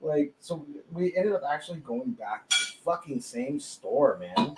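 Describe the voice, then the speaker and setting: A man's voice: on the high side, animated, moderate pace, very noisy. A man telling a personal story in casual chat, swearing freely and laughing often. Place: tattoo studio during a live podcast. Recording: roomy echo, faint ambience.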